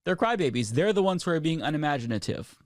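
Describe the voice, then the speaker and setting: A man's voice: fairly high pitch, big pitch swings, fast talker, dry recording. Blunt male commentator, dry sound. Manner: opinionated, blunt, swearing. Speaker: political commentator. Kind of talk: video commentary on news.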